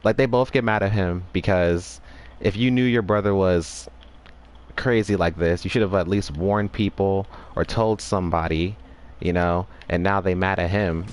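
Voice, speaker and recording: A man's voice: sits low, fairly even intonation, moderate pace. A man casually recapping a story, rambling with restarts and acting out the characters' lines.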